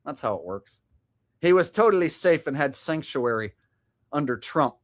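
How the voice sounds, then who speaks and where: A man's voice: fairly high pitch, big pitch swings, moderate pace. A man hosting a show with casual, sardonic, profane commentary. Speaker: show host.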